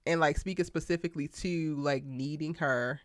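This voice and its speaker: A woman hosting a live TV show recap, talking in an animated, slangy, emphatic way and laughing often. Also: low voice, moderate pace, dry recording, studio quality. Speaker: TV show aftershow host.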